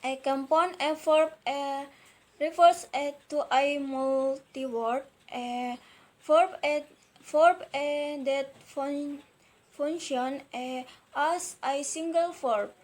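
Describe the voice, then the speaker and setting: In poor-quality audio, a young Indonesian-speaking woman gives a student presentation about word stress at a slow pace. Her voice sits high, and she sounds hesitant, filling gaps with ums and repeating words carefully.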